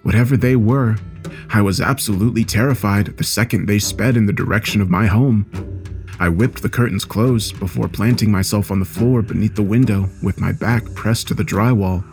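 A man with a fairly low voice narrates a horror story. His delivery is steady and measured, with soft music faint behind him.

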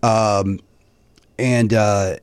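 A man's voice: on the low side, steady tone, extremely slow, smooth. A middle-aged man chatting as a podcast guest, telling a story with lots of fillers and restarts. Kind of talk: casual chat, telling a story.

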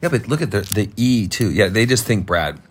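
A man's voice: fairly low pitch, sing-song, fairly quick, husky. A middle-aged man with a Californian accent, teasing his co-host in a wry, casual chat.

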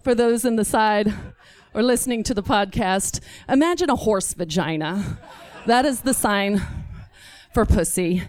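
A woman's voice: mid-range voice, measured pace, no echo, clean studio sound. A woman from Texas telling a true story on stage to a live audience, acting out the other people's voices as she goes. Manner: animated, acts out voices of others.

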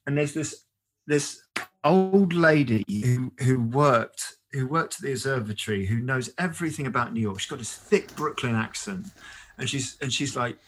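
A man in casual conversation, telling lively stories and often asking "right?". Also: mid-range voice, moderate pace. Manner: animated storyteller, says "right?" often. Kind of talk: casual chat. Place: photographer who travels with a camera.

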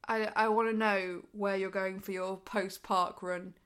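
Woman cohost on a chatty podcast, laughs a lot, pokes fun at herself, normal pitch. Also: level tone, a little slow, fairly bright tone, clean tone. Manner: giggly, self-deprecating. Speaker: podcast co-host. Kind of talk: casual podcast chat.

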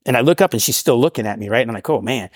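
A man's voice: mid-range voice, expressive, rapid-fire, no echo, studio quality. A man who is a podcast guest tells a personal story earnestly and keeps checking in with "right?".

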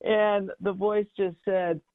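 A woman's voice: medium pitch, level tone, slow, no echo. A middle-aged woman telling a personal story as an interview guest, chatty, with many fillers and restarts. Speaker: guest, baking mix business founder. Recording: dry, tinny phone-like line.

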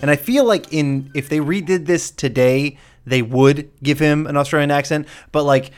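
A man's voice: on the high side, normal speed, faint music behind. Casual man hosting a podcast. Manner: blunt, swears casually. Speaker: podcast host. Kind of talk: casual movie breakdown chat.

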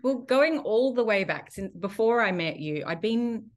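A woman being interviewed on a podcast, telling a personal story in a lively way and laughing often. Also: fairly high pitch, unhurried. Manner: animated storytelling with frequent laughter. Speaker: guest, priestess and healer.

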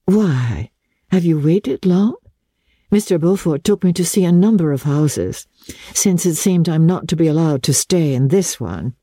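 A woman reading aloud voices a poised, worldly young countess who speaks softly and candidly. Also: low voice, expressive, a little slow, breathy edge, dry recording, clean studio sound, voice pushed up, heavily acted. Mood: musing.

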